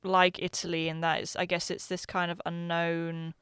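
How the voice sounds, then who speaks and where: A woman co-hosting a podcast, talking things through in a thoughtful, hedging way. Her voice sits a little low and sounds smooth and resonant, recorded close and dry. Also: completely flat delivery, normal speed, fairly bright tone, dry recording. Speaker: podcast co-host. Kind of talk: casual chat.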